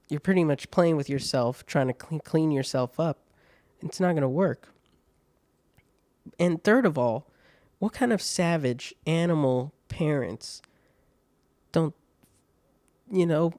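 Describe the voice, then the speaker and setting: A man's voice: a little high, darkish tone, no room sound. A man hosting a podcast, reading online stories aloud with laughing, swearing, mocking asides. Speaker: podcast host.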